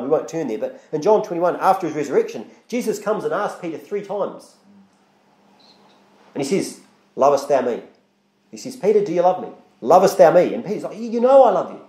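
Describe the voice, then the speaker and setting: A man's voice: sits high, dark tone, reverberant. A male pastor, preaching a sermon in a conversational way, with frequent restarts and acted-out quotes. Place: church.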